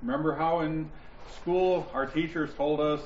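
A man teaching a Bible study class, explaining points deliberately and stressing key words, with listeners answering him. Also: fairly high pitch, steady tone, darkish tone, a little hiss or hum. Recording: roomy, dull lo-fi sound with faint ambience.

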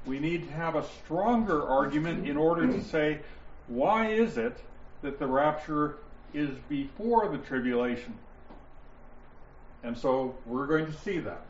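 A man teaching a Bible study class, explaining points deliberately and stressing key words, with listeners answering him. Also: fairly high pitch, a little hiss or hum. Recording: roomy, dull lo-fi sound with faint ambience.

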